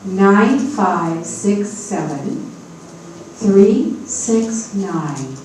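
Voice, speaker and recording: A woman's voice: mid-range voice, moderate pace, darkish tone. A woman in her fifties, a spiritual medium, giving an emphatic, encouraging workshop talk to a live audience and often checking in with the crowd. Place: event room at a hotel. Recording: echoey room, distant, faint hiss.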